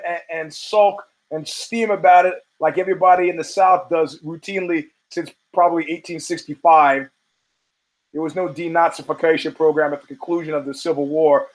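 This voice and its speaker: A man with a somewhat high voice hosts a podcast, rattling off stories in a casual monologue full of profanity and acting out the people he quotes. The recording is rough.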